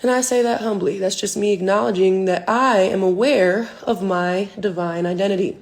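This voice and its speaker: A professional athlete in her twenties rants emphatically and profanely on a phone livestream. Her voice is medium-pitched and moves at a moderate pace.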